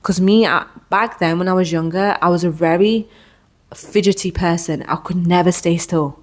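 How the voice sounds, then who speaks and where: A woman's voice: lowish voice, fairly even intonation, moderate pace. A woman in her thirties hosting a podcast, telling a personal story in a candid, rambling way with frequent restarts. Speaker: podcast host.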